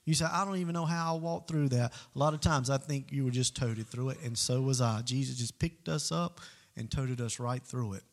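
Gravelly preacher man. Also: mid-range voice, a little fast. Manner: emphatic, swings between loud calls to the congregation and quiet asides. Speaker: pastor. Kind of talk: sermon.

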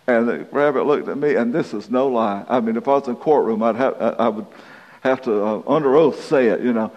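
Preaching fairly quickly in a medium pitch, a pastor shares a folksy, self-deprecating tale and laughs softly through it. The sound is a dull recording with hall reverb.

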